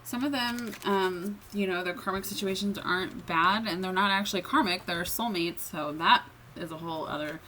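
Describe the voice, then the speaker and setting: A woman's voice: on the low side, normal speed, bright, forceful tone, a little hiss or hum, rough recording. A woman giving a casual tarot reading in a chatty, filler-heavy way, often checking in with the listener. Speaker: tarot reader.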